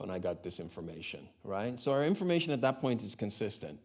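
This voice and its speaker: A man's voice: on the low side, big pitch swings, quick pace, hardly any pauses, a little mellow. Conversational man giving a talk. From Canada. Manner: conversational, many tag questions. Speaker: conference speaker. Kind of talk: conference talk. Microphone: handheld mic, hot gain.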